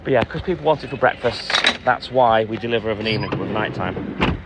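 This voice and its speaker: A man's voice: lowish voice, brisk, noisy background. A middle-aged man, a self-employed milkman, chatting casually on a live stream during his night delivery round, greeting viewers and answering comments between stops. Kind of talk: casual live-stream chat while working.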